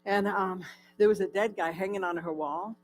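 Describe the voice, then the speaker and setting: A woman's voice: mid-range voice, fairly even intonation, moderate pace, slight background noise, rough recording. A woman giving her personal testimony at a church in a candid, conversational storytelling way. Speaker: guest speaker sharing her testimony.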